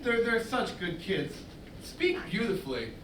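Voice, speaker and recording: A man's voice: sits high, sing-song, measured pace, a bit bright, exaggerated voice. An actor playing a weepy, fussy divorced man who talks in a whiny, emotional way on a live stage. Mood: wistful. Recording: echoey stage, distant mic, noisy audience.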